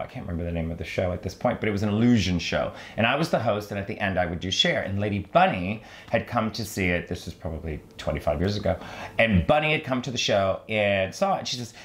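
Sardonic middle-aged man. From New Orleans, USA. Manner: quick-witted, sardonic, jumps into high mocking voices for quoted people. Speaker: drag performer guest. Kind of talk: casual interview storytelling.

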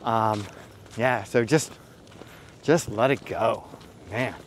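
A man's voice: fairly low pitch, slow, slight background noise. A middle-aged man giving dating advice as a host, telling stories in a casual, rambling way with frank, profane asides and many fillers. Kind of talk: casual storytelling monologue.

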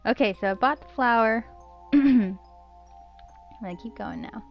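A woman game streamer with a fairly high voice talks at a measured pace over game music, in a muffled recording. She gives casual, giggly, chatty commentary while playing, talking to herself.

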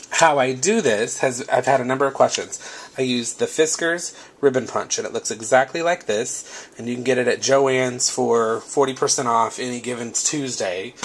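A chatty man talks through a craft project step by step. His middle-pitched voice has a gravelly edge, and he sounds like he is getting over a cold. Faint noise sits under the recording. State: recovering from a cold. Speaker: craft video host. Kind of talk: casual tutorial.

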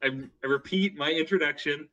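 A man's voice: on the high side, a little fast, pushed and bright, dull audio. A man playing a tabletop game, plainly and a little hesitantly describing his character's actions. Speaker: player. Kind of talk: casual online game chat.

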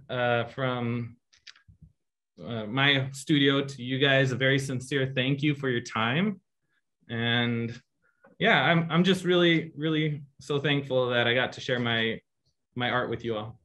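A man's voice: mid-range voice, slight background noise. A man, a guest artist, casually telling a story to an online audience and acting out the voices in it. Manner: animated anecdote teller, acts out voices in quotes. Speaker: guest artist giving a painting demo.

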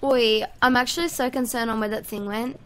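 A high-voiced woman with a bright, sharp tone narrates her game in chatty, excitable commentary. She talks to herself and her viewers as she goes. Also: brisk. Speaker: gaming YouTuber. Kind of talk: casual let's-play commentary.

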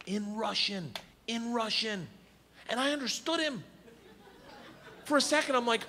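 A man doing stand-up storytelling, animated and shouting his punchlines, recorded live in a reverberant hall. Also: high-pitched, normal speed, long pauses. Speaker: stand-up comedian. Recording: live comedy hall reverb, faint noise.

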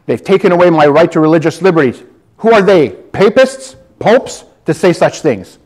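A man's voice: a little high, lively intonation, moderate pace, a little mellow. A man preaching defiantly to a congregation, calling listeners brother and sister. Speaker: lay preacher. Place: church hall with audience.

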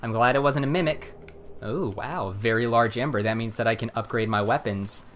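A man's voice: mid-range voice, moderate pace, fairly bright tone, slight background noise. A man hosting a let's-play, talking through his game in a rambling, hesitant way. His remarks come out wry and offhand, full of small restarts. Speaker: gameplay host. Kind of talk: casual let's-play commentary.

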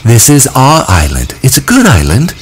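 A man's voice: medium pitch, huge pitch swings, moderate pace, slight background noise, voice pushed up. A man voicing a confident boy leader who cheerfully reassures the others in a storybook reading. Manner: upbeat, coaxing, patiently explaining.

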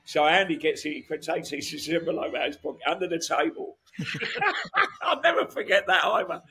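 A man in his sixties tells long, winding stories as an interview guest, circling back with restarts and asides. His voice is gravelly and husky, with a bright, forceful edge. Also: a little high, lively intonation, normal speed. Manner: rambling, many restarts and asides. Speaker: guest musician. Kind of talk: casual storytelling interview.

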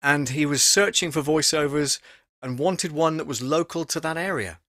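A man's voice: fairly high pitch, normal speed, dry recording. Chatty man, dry close mic. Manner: chatty and animated, with many fillers. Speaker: voice actor and live-stream host. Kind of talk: casual live-stream teaching talk. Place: home studio booth. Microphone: studio microphone at close range.

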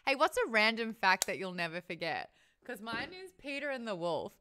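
A young Australian woman hosting a casual live stream, playful and quick to laugh as she toys with how words sound. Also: on the high side, very animated, pushed and bright, a little hiss or hum. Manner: playful, bursts into laughter, plays with word sounds. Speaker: streamer host.

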